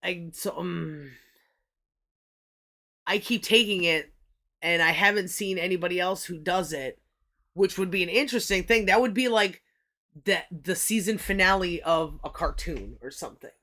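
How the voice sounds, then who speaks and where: A woman's voice: on the low side, normal speed, fairly bright tone. A woman hosting a livestream in loose, rambling chat, swearing often and restarting her sentences. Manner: profane, rambling, with frequent restarts. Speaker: livestream host.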